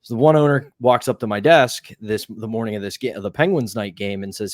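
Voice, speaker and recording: A young man with a low voice tells a lively anecdote as a podcast co-host. He talks in a loose, animated way and acts out the people in his story. The sound is dry and close. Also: fast talker, hardly any pauses, dry recording. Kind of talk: casual storytelling chat.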